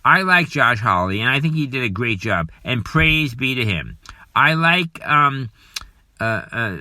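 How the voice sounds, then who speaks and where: Indignant man with a bright, tense voice. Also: mid-range voice, big pitch swings, measured pace, no room sound. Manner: indignant, repetitive, scolding. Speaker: podcast host. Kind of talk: political commentary monologue.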